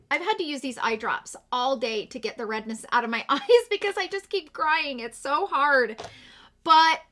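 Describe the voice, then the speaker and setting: A middle-aged woman with a bright, somewhat high voice talks straight to her viewers as she does her makeup. She sounds chatty and heartfelt, tearful after a morning of crying. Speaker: beauty vlogger. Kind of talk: casual get-ready-with-me chat.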